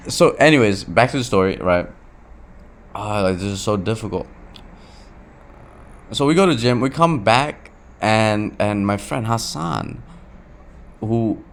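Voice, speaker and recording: A young man with a lowish, gravelly voice speaks straight to his camera in a confessional vlog. His delivery is restless and emotional, full of restarts, repeated words, swearing and "bro.". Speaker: vlogger.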